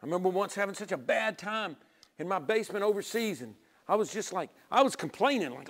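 A middle-aged male pastor preaching a sermon in a fairly high voice. He urges loudly, then drops into quiet, almost whispered lines. He acts out little dialogues with God and people as he goes. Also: expressive, fast. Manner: swings from loud urging to quiet near-whispers.

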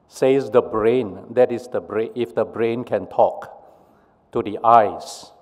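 A male pastor giving a prayer and sermon in a measured, storytelling way. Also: mid-range voice. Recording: long reverb of a worship hall.

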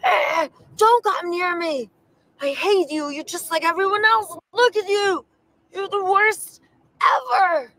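A woman role-playing an angry, violent person in a clip, with yelling and tearful outbursts. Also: very high voice, expressive, slow, no room sound, full character voice, poor audio.

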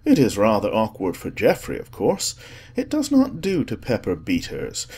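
A man voicing an urbane, cynical aristocrat who speaks in a calm, dismissive way in an audiobook. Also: fairly low pitch, moderate pace, husky, full character voice.

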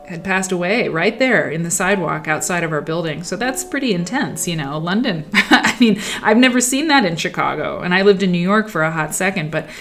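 A woman's voice: lowish voice, expressive, fairly quick, hardly any pauses, fairly bright tone. A woman hosting a livestream, telling stories in a rambling, reflective way that often trails off. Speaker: livestream host. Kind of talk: casual livestream storytelling. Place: at home while sewing.

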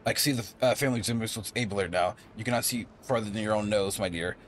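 A haughty, stern chancellor speaks in stiff, formal lines, read aloud by a man. The voice sits low, with faint hiss behind it. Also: fast talker, natural voice.

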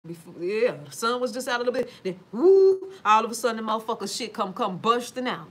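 A woman's voice: fairly high pitch, quick pace, sharp tone, breathy edge. A woman talking casually to viewers from home, emphatic and full of profanity. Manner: emphatic, swears freely, addresses viewers directly. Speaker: livestream talker reading viewer comments. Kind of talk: casual profane livestream monologue.

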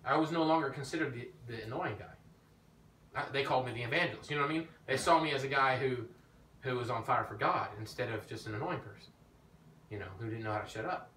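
Animated preacher man, bright echoey voice. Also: fast. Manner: animated, storytelling, rises in pitch when emphatic. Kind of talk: informal teaching sermon. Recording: echoey room, mic at a distance, faint background noise.

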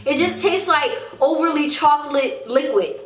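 A woman co-hosting a casual food challenge vlog, animated and exclaiming as she tastes snacks. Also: high voice, normal speed, roomy sound, a little hiss or hum. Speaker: co-host of a couple's challenge channel.

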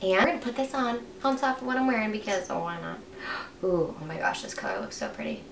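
A woman's voice: mid-range voice, very animated, quick pace. A young woman beauty vlogger chatting through an unboxing, gushing and gasping with breathless enthusiasm. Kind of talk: excited unboxing chat. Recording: echoey room, mic at a distance, faint hiss.

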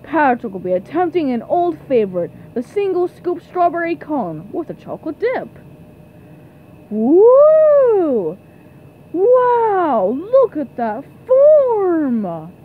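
A woman's voice: very high-pitched, huge pitch swings, takes it slowly, phone-quality sound, slight background noise, exaggerated voice. Woman doing a cartoon sports announcer. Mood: excited. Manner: play-by-play commentary, exclamatory. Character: excitable male sports announcer. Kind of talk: fan dub of a cartoon.

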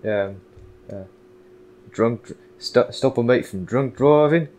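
A young man chatting with friends, quick to interrupt and object. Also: mid-range voice, darkish tone. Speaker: co-host friend. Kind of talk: casual group chat.

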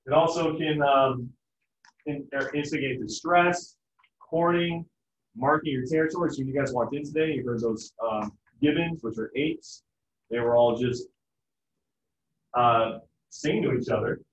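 A man's voice: medium pitch, a little slow, a little hiss or hum. Joking male teacher in an echoey classroom. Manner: casual, joking, acts out family voices. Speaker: biology teacher. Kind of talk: classroom lecture. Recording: echoey, distant, dull room sound.

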